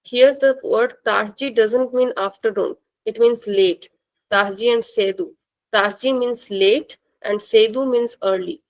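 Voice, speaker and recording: A woman teaching a language class, speaking slowly and patiently and repeating words for her students. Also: medium pitch, low-quality recording.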